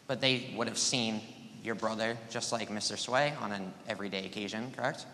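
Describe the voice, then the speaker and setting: A man's voice: fairly low pitch, fairly quick, bright, forceful tone, a little hiss or hum. Pressing teenage male attorney. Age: teens. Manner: pressing, cuts in with yes-or-no demands. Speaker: cross-examining attorney in a student mock trial. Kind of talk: courtroom cross-examination. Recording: echoey room with long reverb.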